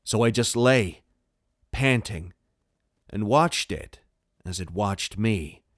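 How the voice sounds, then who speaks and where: A man narrating a first-person horror story in a tense, steady way. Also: lowish voice, takes it slowly, no echo, clean studio sound. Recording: faint music underneath.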